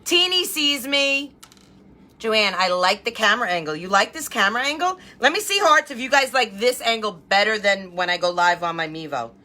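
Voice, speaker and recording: A woman's voice: mid-range voice, lively intonation, moderate pace, pushed and bright. A woman hosting a live crafting stream from home, chatting and greeting viewers by name as she works. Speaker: craft livestream host.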